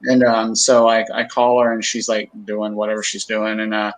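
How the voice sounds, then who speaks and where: Middle-aged guest on a livestream, chatty storyteller, loose and rambling. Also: male voice, lowish voice, level tone, normal speed, low-quality recording. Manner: rambling storyteller, many fillers and restarts. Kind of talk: casual livestream chat.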